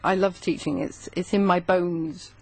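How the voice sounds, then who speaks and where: A middle-aged woman from England, a guest author on a radio interview in a studio, chatty and quick to laugh. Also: on the low side, steady tone, a little mellow.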